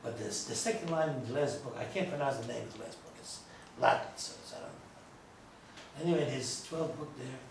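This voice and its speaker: This rabbi has a gravelly, medium-pitched voice and talks fairly quickly. His informal lecture to a small audience drifts between stories and jokes, and the recording is distant, echoey, and faintly noisy.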